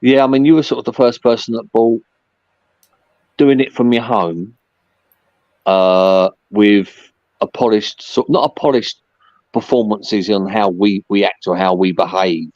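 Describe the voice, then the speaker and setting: Deep-voiced chatty man. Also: fairly even intonation, unhurried, no room sound, dull audio. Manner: rambling, chatty, lots of fillers. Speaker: podcast guest, merchandise seller. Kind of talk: casual chat.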